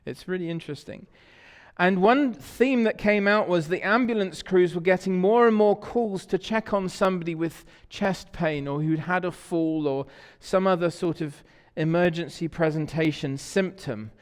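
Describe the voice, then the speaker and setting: English male pastor, conversational sermon delivery, slightly high voice, reverberant sanctuary. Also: normal speed. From England. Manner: conversational storytelling, asks the congregation questions. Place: church sanctuary. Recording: long church reverb.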